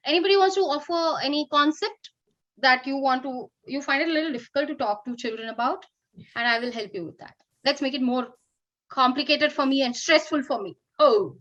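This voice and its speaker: Upbeat high-voiced Indian woman. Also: muffled recording. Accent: Indian English. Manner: lively, upbeat, coaching tone. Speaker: teacher trainer. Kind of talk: online workshop talk. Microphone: video call.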